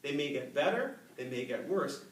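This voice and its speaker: Man in his 50s, animated storyteller at a speaking club, up-and-down pitch, recorded from afar in a roomy hall with faint hiss. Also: moderate pace. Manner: animated, storytelling, laughs with the audience. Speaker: Toastmasters speaker. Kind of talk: public speech. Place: meeting room with a live audience. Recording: echoey room, mic from far off, faint noise.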